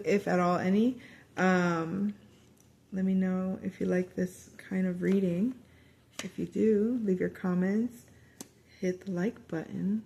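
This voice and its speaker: A woman giving a casual spoken tarot reading to her viewers, chatty and animated, often quoting lines of dialogue and trailing off into fillers and restarts. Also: medium pitch, creaky. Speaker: tarot reader.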